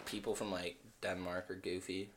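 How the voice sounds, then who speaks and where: A man's voice: sits low, normal speed, a little hiss or hum. A young man co-hosting a podcast, chatting casually and joking, swearing freely. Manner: joking, swears freely, deadpan mock conspiracy talk. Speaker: podcast co-host. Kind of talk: casual chat.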